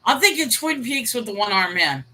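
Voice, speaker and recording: A woman's voice: a little high, sing-song, moderate pace, sharp tone, low-quality recording. A woman co-hosting a casual chat over a video call, telling stories and laughing easily. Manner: chatty, storytelling, laughs easily. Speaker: co-host.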